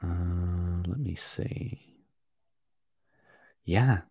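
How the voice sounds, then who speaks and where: A man's voice: low voice, extremely slow, mellow, no echo. A man hosting a casual livestream podcast, rambling as he reads and answers chat comments. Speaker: podcast host.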